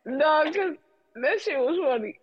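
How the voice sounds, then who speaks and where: A woman's voice: high voice, animated, muffled recording, a loud crowd. A woman co-hosting a casual podcast chat, giggly and easygoing. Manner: giggly, slow-talking. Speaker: podcast co-host.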